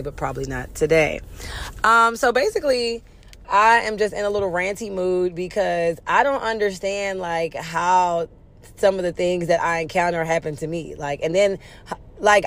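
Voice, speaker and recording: A young woman from Houston hosts her podcast alone, speaking frankly and tumbling into rants. She swears freely and makes no effort to sound polished, as if simply chatting with her listeners. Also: mid-range voice. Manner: candid, profane and ranty. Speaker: podcast host. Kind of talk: casual solo podcast rant.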